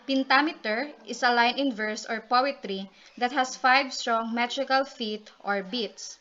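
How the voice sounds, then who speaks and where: A student reporter with a slightly high voice presents a class report at an unhurried pace, reading out definitions with many ums and restarts. The recording is dull and lo-fi, with loud noise throughout.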